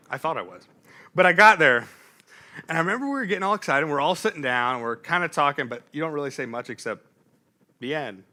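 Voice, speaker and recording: A young man preaching a sermon in a church, telling a funny personal story with animated delivery and laughing at himself. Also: a little high.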